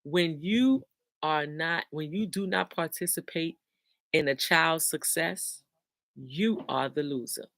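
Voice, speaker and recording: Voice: mid-range voice, takes it slowly, gravelly, fairly bright tone. A host reading out viewer comments and giving casual motivational talk with scripture, repeating key lines with emphasis.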